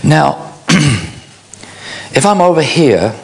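A man preaching a sermon, slow and illustrative, acting out little mock quotes to make his point. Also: on the high side, very animated, vocal fry.

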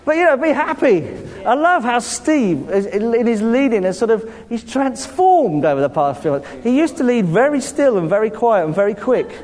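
A man with a southern English accent delivers a sermon. His voice sits high and swings widely as he laughs and calls out to the congregation. A long church-hall reverb trails behind every phrase. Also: normal speed, few pauses. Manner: lively, laughing often, calling out to the congregation. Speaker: pastor.

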